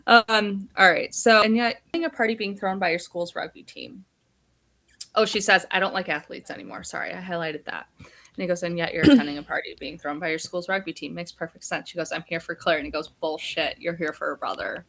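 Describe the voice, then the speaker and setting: A woman co-hosts a podcast's live book discussion over a video call, her lowish, creaky voice moving at a normal speed. She retells scenes and reads passages aloud in a flat retelling style, but her reactions are lively.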